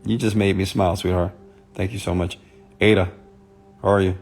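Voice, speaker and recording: A man speaking softly and intimately on a live stream, greeting viewers by name as a motivational speaker. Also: low-pitched, level tone, a little fast, gravelly, breathy edge, soft background music. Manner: soft, intimate on purpose; chatty, greets commenters by name.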